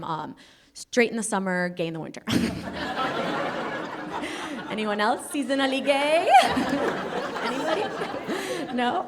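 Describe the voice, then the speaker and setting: A young woman from Colombia doing a brash, self-mocking stand-up set, teasing the crowd and laughing at her own jokes. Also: medium pitch. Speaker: stand-up comedian. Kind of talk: stand-up set before a live audience. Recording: noisy live club sound with crowd laughter. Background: audience laughter.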